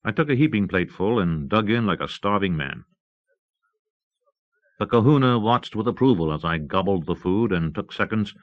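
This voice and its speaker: A man reading a novel aloud in a steady, measured narration, on an old cassette recording. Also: on the low side. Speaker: audiobook narrator. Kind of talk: scripted audiobook narration. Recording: dull lo-fi cassette audio.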